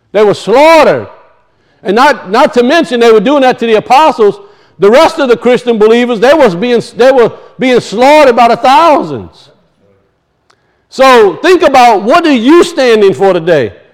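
A man's voice: extremely high pitch, poor audio. A man preaching a sermon. He reads scripture aloud, asks his hearers pointed questions and often repeats words for emphasis.

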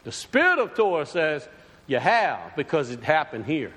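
Casting: male preacher, high lively delivery, conversational sermon, long church reverb. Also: moderate pace. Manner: animated, conversational preaching with rhetorical questions. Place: church sanctuary.

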